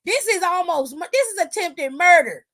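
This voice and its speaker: A woman's voice: very high voice, animated, moderate pace, a bit bright, voice pushed up. A woman voicing a stern man who warns a rival to get his crew in line, emphatic and threatening.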